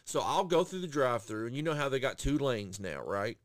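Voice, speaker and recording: Male podcast host, profane storyteller, animated pitch, dry close sound. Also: a little fast, no room sound. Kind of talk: crude casual podcast chat.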